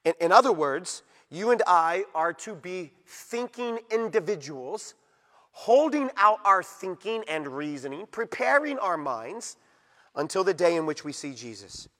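High-voiced man preaching in an echoey hall. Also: big pitch swings, a little slow, a bit bright. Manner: emphatic, repetitive, rhetorical questions to the congregation. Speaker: pastor. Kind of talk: sermon. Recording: long echoey hall reverb.

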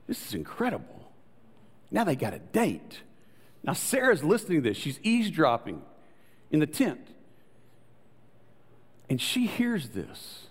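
A man preaching a sermon, telling a story with lively voices for the people in it and sinking to soft, low tones to make a point. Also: a little slow, pauses often. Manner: animated storytelling, acting out quoted voices, dropping to soft low tones for emphasis. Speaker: pastor. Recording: long reverb of a large hall.

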